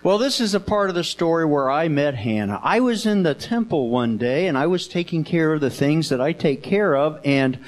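A man teaching children a Bible lesson, telling the story in first person in a gentle, coaxing voice with slow, repeated phrases, in a room with children. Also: fairly high pitch, lively intonation, poor audio. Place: indoor room with children present.

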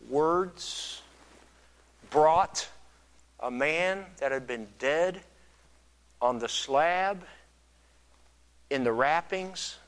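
A man preaching a sermon in an earnest, reflective way, often restarting his words and growing louder for emphasis. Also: on the high side, rough recording. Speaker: pastor.

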